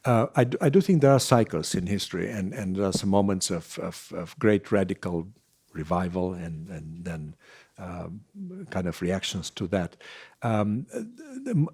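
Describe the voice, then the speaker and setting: A man speaking as a guest scholar in an academic conversation, thoughtful and halting, with many fillers and restarts. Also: low voice, very animated, a little mellow, slightly rough.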